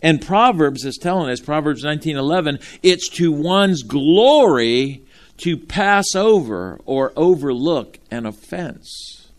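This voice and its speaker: Animated preaching man, lively pitch. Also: a little slow. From Ohio. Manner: animated, talks straight to the congregation with folksy asides. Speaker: pastor. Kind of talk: sermon.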